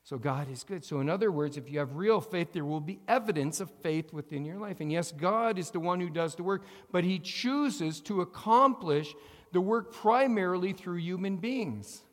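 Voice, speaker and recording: A pastor preaching a sermon to his congregation, calling for amens and having them repeat lines after him, moving between loud emphatic phrases and quiet asides. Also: sits high, lively intonation, moderate pace, big-room sound. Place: church sanctuary.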